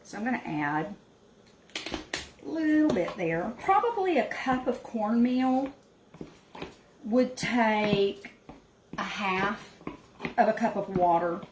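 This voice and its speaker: Lady cooking in her little cabin, talks slow and easy, echoey room w/ noise behind. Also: medium pitch, very animated. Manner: homey, chatty, talks to viewers as y'all. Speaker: cooking show host. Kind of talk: casual cooking demonstration. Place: small cabin kitchen.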